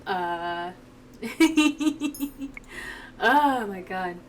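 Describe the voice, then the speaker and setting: A woman's voice: medium pitch, slow, fairly bright tone, far from the mic, slight background noise. A young woman streamer, teary and emotional, reading a game aloud and chatting with laughs and self-mocking remarks. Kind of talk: casual let's play commentary and reading.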